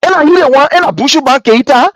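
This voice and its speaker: High-voiced Liberian man ranting on air. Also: fast, dry recording. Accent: Liberian English. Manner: animated, repetitive, mimics people he quotes. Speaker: host of a political commentary show. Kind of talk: impassioned political commentary.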